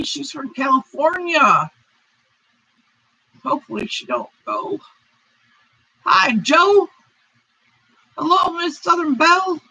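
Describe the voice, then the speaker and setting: A US crochet channel host with a high-pitched, pushed, bright voice runs a casual live stream, apologizing as she rambles and reading chat comments aloud. There's slight background noise, and the stream audio sounds dull and lo-fi.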